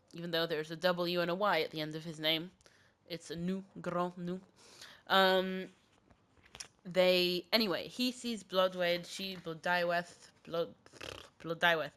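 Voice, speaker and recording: A woman's voice: lowish voice, fairly bright tone, clear, resonant tone. A woman hosting a podcast, with a cough, casually retelling a myth in a rambling, filler-heavy way. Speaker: podcast host.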